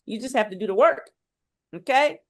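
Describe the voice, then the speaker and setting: A woman's voice: on the high side, expressive, moderate pace. A woman health coach giving an emphatic, preachy motivational talk, full of faith, repeating "okay?" to drive each point home. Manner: faith-filled and exhortative.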